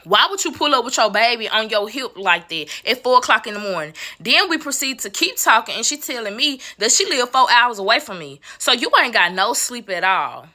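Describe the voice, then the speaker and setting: A woman telling a personal story to viewers in a casual, animated and profane way. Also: fairly high pitch, brisk, few pauses, no room sound.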